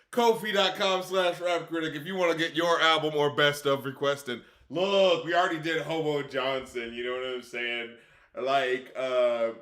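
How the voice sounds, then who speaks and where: A man's voice: medium pitch, a bit bright. A man who reviews rap music, chatting casually and profanely on a live stream, laughing often. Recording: echoey room.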